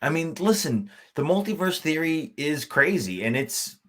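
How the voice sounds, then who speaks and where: A man's voice: on the high side, sing-song, fairly bright tone. A young man co-hosting a podcast, musing in casual chat and circling back over his points. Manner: musing, drawn-out, repeats himself. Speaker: podcast co-host.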